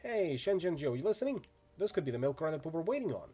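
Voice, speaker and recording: A man's voice: on the high side, very animated, fast talker, mellow, husky. A man reading as a cocky fixer, breezy and upbeat. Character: breezy fixer calling a job a milk run.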